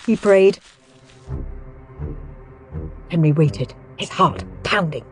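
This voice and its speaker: A woman narrating a children's audiobook in an expressive way, acting out the characters. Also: medium pitch, measured pace, few pauses. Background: background music.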